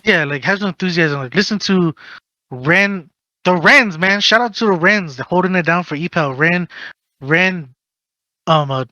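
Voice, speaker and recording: A man's voice: high-pitched, normal speed, sharp tone, no room sound, lo-fi sound. A man hosting a casual podcast, ranting animatedly and swearing while giving advice. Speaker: podcast host.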